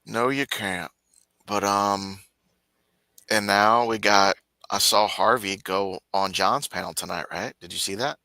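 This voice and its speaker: A man's voice: on the low side, unhurried, no room sound. A man in casual chat on a live stream, telling stories and mimicking others. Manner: animated storytelling, mimics others in raised voice.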